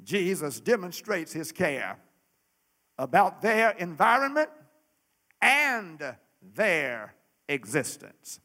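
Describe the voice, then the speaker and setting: A man preaching a sermon in a rising and falling cadence, repeating his words and swelling to shouts. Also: sits high, big pitch swings, slow.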